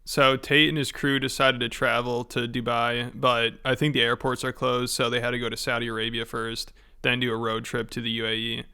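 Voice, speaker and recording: A man's voice: medium pitch, little pitch movement, a little fast, few pauses, pushed and bright, clear, resonant tone. A man giving scripted commentary in a sarcastic, mocking tone. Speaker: commentary host.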